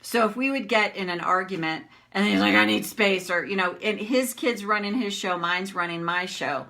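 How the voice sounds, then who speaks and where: A bright, clear-toned woman speaks as a coach in a loose talk to camera. She is animated and acts out her inner voices, with lots of fillers and restarts along the way. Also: medium pitch, normal speed. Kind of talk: casual teaching talk to camera.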